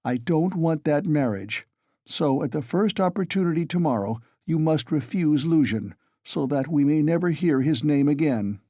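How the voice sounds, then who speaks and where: A man's voice: fairly high pitch, animated, moderate pace, warm tone, no echo, studio quality, pitched above the performer's own voice. A man reading an audiobook, voicing a feverish, overwrought young man who talks in agitated, insistent bursts. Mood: irritable.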